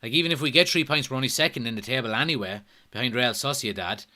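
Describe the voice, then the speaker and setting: A young man hosting a live football watchalong, reacting excitably, swearing often and reading out viewer comments. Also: medium pitch, fast talker. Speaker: watchalong host.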